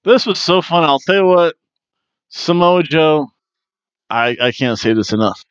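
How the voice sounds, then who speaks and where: A man's voice: fairly high pitch, lively intonation, unhurried, long pauses, smooth, dry recording, highs cut off. A man hosting a wrestling review podcast, talking casually and jokily, with plenty of fillers and restarts. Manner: rambling and jokey, with many fillers and restarts.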